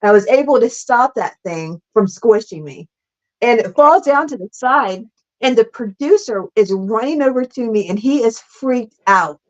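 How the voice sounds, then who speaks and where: A middle-aged woman, appearing as a guest in a casual storytelling interview, shares stunt stories with lots of laughter and animation. Her voice is on the high side, she talks in fast bursts, and she keeps saying "like" and "super freaking cool." The recording has a slightly dull, lo-fi sound.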